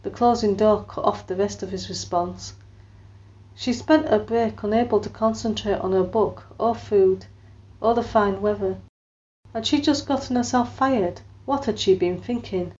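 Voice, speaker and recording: In this scripted audiobook, a woman of medium pitch narrates at a moderate pace, expressively voicing characters and pitching up for lines of dialogue. The recording lacks highs.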